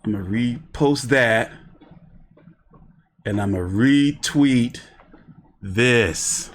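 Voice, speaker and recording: A man's voice: mid-range voice, very slow, long pauses, a little hiss or hum. A man giving rambling, slangy commentary on boxing during a casual live stream. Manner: rambling, slangy, talks to himself while browsing.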